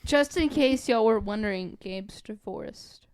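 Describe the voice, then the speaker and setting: A woman's voice: medium pitch, measured pace, darkish tone. A young woman on a podcast, chatting casually and teasing her friends in a playful way. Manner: playful, teasing, laughs often. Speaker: podcast co-host. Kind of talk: casual chat.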